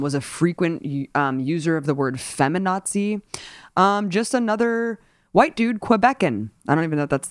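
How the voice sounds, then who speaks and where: Animated woman talking politics, dry mic. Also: deep voice, no echo. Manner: animated, indignant, rambling with fillers. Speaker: political commentary host. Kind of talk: casual political discussion.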